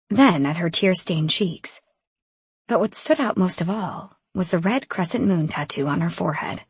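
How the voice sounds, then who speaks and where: A woman narrating a first-person fantasy audiobook in a measured, even reading. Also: on the low side, slightly rough, dry recording. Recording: dry close studio sound.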